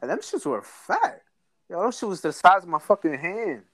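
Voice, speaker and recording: A man's voice: high voice, wildly swooping pitch, moderate pace, a bit bright, no echo. A young man casually telling a story to a friend, full of slang and swearing, laughing as he goes. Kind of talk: casual chat.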